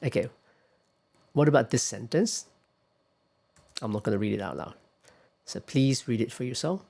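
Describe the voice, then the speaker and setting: A man's voice: mid-range voice, expressive, normal speed, gravelly, darkish tone, breathy edge. A man giving a classroom lecture on pronunciation, patiently explaining step by step and putting questions to his students.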